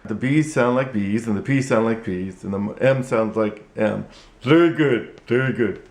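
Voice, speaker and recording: A man teaching ventriloquism in a tutorial vlog, halting and repetitive, with frequent restarts. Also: fairly low pitch, darkish tone. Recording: echoey room.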